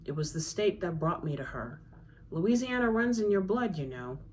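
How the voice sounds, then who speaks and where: A woman's voice: on the low side, very animated, normal speed, a little mellow, a little hiss or hum. A woman voicing a fond, nostalgic father who tells his love story tenderly. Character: fond older man, dreamy romantic father.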